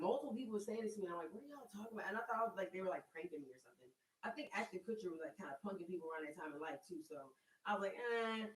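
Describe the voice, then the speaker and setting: A woman in her thirties hosting a casual chat, telling stories in an animated way, with lots of "like" and free swearing. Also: lowish voice. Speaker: host. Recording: roomy sound, mic at a distance.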